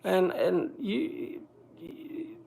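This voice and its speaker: A man speaking bluntly to a group in casual talk, halting often and restarting his sentences. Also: sits high, lively intonation, vocal fry, dark tone. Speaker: speaker addressing a group gathering.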